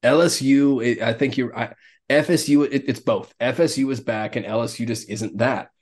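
A man's voice: medium pitch, normal speed. A man co-hosting a sports podcast, giving opinionated, rambling takes in casual chat and often laughing. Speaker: podcast co-host.

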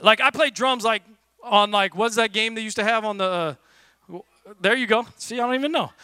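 Male pastor, chatty and jokey, high bright voice, dry close mic on a church stage. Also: fairly quick, clean tone, no echo. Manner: loose and conversational, full of "like" fillers, jokey. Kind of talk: casual, energetic sermon.

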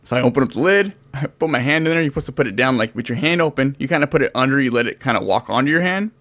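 Animated man in his thirties telling stories. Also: medium pitch, very fast, no echo. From California. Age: 30s. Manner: animated storyteller, acts out his own past lines. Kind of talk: casual chat.

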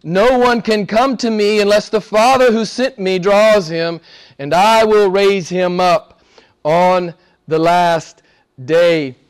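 A male pastor with a notably high voice delivers a sermon in church. He preaches emphatically, firing rhetorical questions and moving between hushed lines and forceful declarations.

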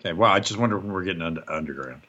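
Wry man with a bright, lively voice. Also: low voice, racing, highs cut off. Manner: wry, grumbling commentary. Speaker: podcast co-host. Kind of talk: casual chat.

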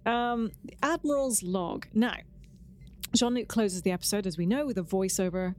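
A woman co-hosting a podcast, chatting casually and enthusiastically with lively asides. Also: medium pitch, normal speed. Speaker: podcast co-host.

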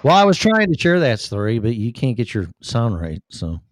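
A man hosting a loose, casual podcast, swearing freely and rambling as he fiddles with his equipment. His pitch sits mid-range, and the sound is dry with no room echo. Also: wildly swooping pitch, moderate pace. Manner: profane, rambling, distracted by equipment. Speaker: podcast host. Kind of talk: casual chat.

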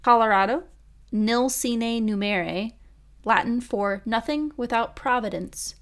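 Slow, deliberate woman reading a list. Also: on the high side, fairly bright tone. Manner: stumbles over foreign words, apologizes with laughs; reads each item deliberately.

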